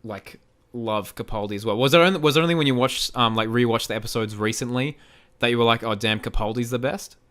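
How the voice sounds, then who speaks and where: Bright-voiced Australian man hosting. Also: medium pitch, fast talker, clean tone. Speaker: podcast host. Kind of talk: casual chat.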